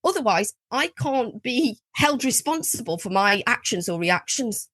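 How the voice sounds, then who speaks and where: A woman chatting as a podcast guest, animated and laughing often, swearing freely. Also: on the high side, unhurried, dry recording. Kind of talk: casual podcast chat.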